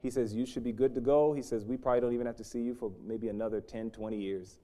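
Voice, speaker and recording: A middle-aged man preaching a sermon, swinging from loud emphasis to hushed, intense storytelling. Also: mid-range voice, steady tone, fast talker.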